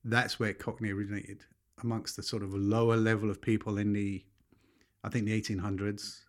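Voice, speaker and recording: A man, co-hosting a casual podcast chat, explaining things in a chatty way and quick to laugh. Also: on the low side, level tone. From England. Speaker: podcast co-host.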